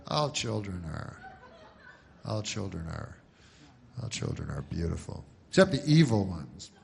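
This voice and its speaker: A male stand-up comedian telling jokes in a deadpan, rambling way, with long digressive setups full of filler words. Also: low-pitched, unhurried, vocal fry, a little hiss or hum.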